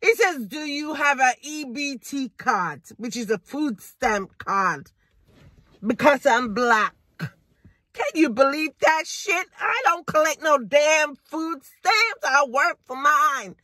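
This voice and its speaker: A fed-up working woman, played by an actress, vents to a friend in a high, unhurried voice. She is indignant and swears freely as she talks. The sound is dry and close, with no room around it. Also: animated, bright, forceful tone, no echo, full character voice. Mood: furious. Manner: indignant, profane, ranting on the phone. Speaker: caller venting to a friend. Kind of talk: low-budget drama monologue.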